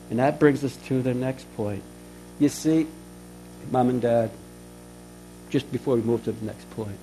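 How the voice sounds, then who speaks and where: A man delivers a sermon to children and parents at a medium pitch. He repeats phrases for emphasis and voices the inner thoughts people hear. A faint hum sits under the recording. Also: darkish tone, low-quality recording. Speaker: pastor.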